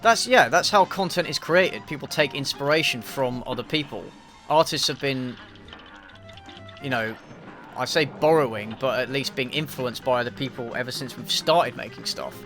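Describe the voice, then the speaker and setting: English man, bright voice, dry self-deprecating stream chat, faint music behind. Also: medium pitch, moderate pace. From England. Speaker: YouTube reviewer streaming a game. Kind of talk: casual live-stream chat answering viewers.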